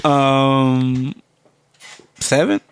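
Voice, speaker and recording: A man co-hosting a casual podcast, laughing often and swearing in quick banter. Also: mid-range voice, completely flat delivery, slight background noise. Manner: giggly, profane. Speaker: podcast co-host.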